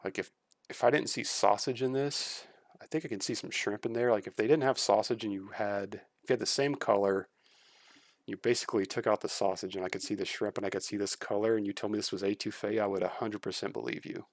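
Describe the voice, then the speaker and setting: A man's voice: lowish voice, fairly even intonation, fairly quick, no room sound, studio quality. A man streaming casual reaction commentary, blunt and critical, swearing freely.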